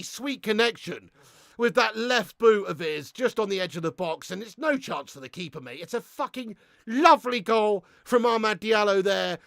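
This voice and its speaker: A young man hosting a live football watch-along, excitable and sweary, ranting and chatting with his viewers. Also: sits high, moderate pace, vocal fry, dry recording, clean studio sound. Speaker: host of a fan watch-along stream.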